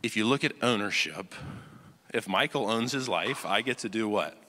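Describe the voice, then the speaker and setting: A bright-voiced pastor preaching in a reverberant hall. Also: male voice, fairly low pitch, expressive, moderate pace, a little hiss or hum. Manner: conversational preaching with rhetorical check-ins; acts out quoted voices, swings from loud to hushed. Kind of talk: sermon. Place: church sanctuary.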